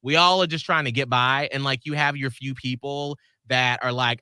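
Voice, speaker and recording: A man's voice: medium pitch, steady tone, normal speed, few pauses, pushed and bright, clean tone, dry recording, studio quality. A man co-hosting a radio show, chatting casually and reflecting on his own experience. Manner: supportive listener, adds short remarks and reflects on his own experience. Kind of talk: casual chat.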